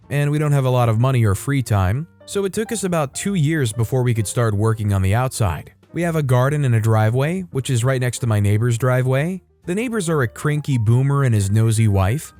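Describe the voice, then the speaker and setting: A man's voice: mid-range voice, darkish tone. A man narrating online stories aloud, reading them out and adding wry comments between them. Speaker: story narrator.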